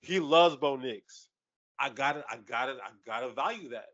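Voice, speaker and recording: A man co-hosting a casual sports podcast, loud and animated, full of slang and quick laughs. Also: mid-range voice, dull audio. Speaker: podcast co-host.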